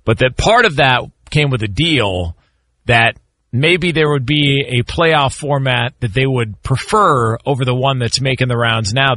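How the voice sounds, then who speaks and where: Brisk sports radio host, bright dry voice. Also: male voice, medium pitch, no echo. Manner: brisk, steers the segment. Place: radio studio.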